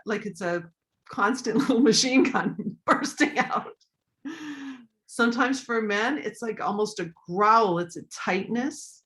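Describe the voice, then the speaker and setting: A woman speaking as a coach in a live online session, sharing practical tips. She is animated and acts out voices to demonstrate her points. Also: mid-range voice, measured pace. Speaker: voice and communication coach.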